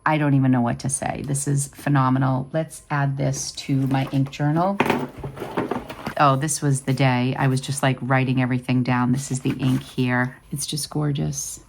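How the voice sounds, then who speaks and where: A woman's voice: a bass voice, level tone, moderate pace, vocal fry, background noise. A woman in her fifties hosting a vlog, chatting casually and rambling with lots of fillers. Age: 50s. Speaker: vlog host. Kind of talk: casual chat.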